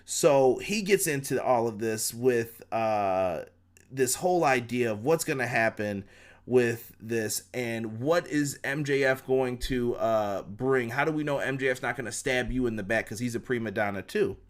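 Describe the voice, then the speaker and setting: A young man hosts a fan review of a wrestling show, casual and slangy. He reads viewer comments aloud and acts out the quotes in playful put-on voices, speaking at an ordinary mid pitch. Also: a little slow. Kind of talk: casual recap with chat reading.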